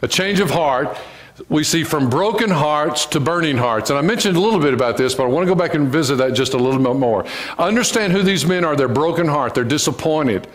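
A man's voice: on the high side, expressive, fairly quick. Folksy preacher man. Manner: folksy, joking with the congregation. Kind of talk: sermon. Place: church sanctuary.

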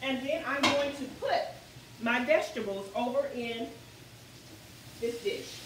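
A woman's voice: high-pitched, unhurried, reverberant, distant mic, noisy background. A woman hosting a live cooking show from her kitchen, chatty and encouraging as she greets viewers by name. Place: home kitchen.

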